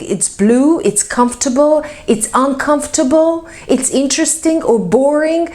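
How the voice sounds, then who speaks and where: A woman teaching English grammar as a teacher and coach, speaking slowly and drawing out her example words. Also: on the high side, a little mellow. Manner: slow, deliberate, stretches example words.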